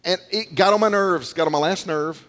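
Middle-aged man, pastor, animated sermon storyteller, somewhat high voice, echoing church hall. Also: fairly quick. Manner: animated storytelling, repeats words, acts out quotes. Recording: long hall reverb.

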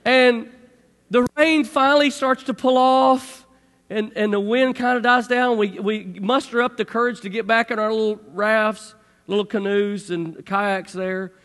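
High-voiced man telling a story animatedly. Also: unhurried, long reverb tail. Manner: lively, acts out shouts and sound effects. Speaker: speaker telling a personal story.

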